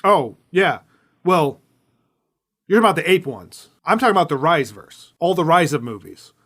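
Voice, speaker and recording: A man's voice: a little high, big pitch swings, normal speed, a bit bright. A man co-hosting a podcast in casual chat, dry and wry, joking through long lists. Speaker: podcast co-host.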